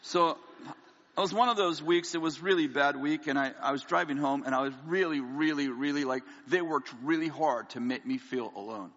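A man preaching a sermon, telling a candid, self-mocking personal story and quoting people in lively voices. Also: mid-range voice, moderate pace. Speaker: pastor. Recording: dull lo-fi audio with long hall reverb.

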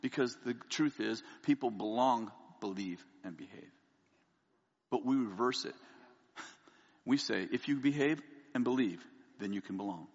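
A man preaching a sermon, telling a candid, self-mocking personal story and quoting people in lively voices. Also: medium pitch, unhurried. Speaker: pastor. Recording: dull lo-fi audio with long hall reverb.

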